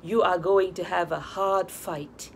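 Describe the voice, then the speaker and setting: A woman voicing a calm, proud young woman who speaks in a demure, composed way in an audiobook. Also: lowish voice, unhurried, vocal fry, a little hiss or hum. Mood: demure teasing.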